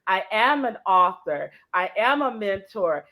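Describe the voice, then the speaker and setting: A middle-aged woman, a motivational speaker guest in an interview, telling an emotional story, swinging from soft to shouting. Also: mid-range voice, big pitch swings, a little slow, rough recording.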